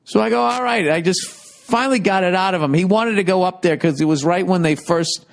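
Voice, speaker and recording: A man's voice: sits high, fairly quick. A man hosting a podcast, telling profane, rambling stories in a casual monologue. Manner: profane, rambling, animated storytelling. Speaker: podcast host.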